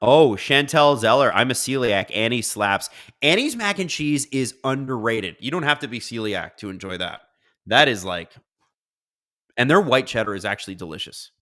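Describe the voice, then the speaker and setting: A man's voice: mid-range voice, lively intonation, moderate pace, bright, forceful tone. A man hosting a casual live stream, reading viewer comments aloud and riffing on them in a chatty way. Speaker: livestream host.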